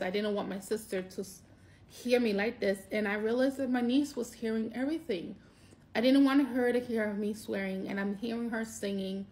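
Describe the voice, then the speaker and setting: A woman talking in a personal vlog monologue, emotional and near tears, halting and repeating herself, her voice jumping up when she is moved. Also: fairly high pitch. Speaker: vlogger.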